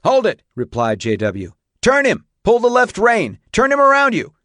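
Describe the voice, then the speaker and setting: A man's voice: medium pitch, moderate pace, no echo, lightly acted. A man voicing a weathered older horseman, barking commands at a rider and then talking him through it plainly and firmly. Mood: urgent shouting. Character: weathered older horseman, stern but caring.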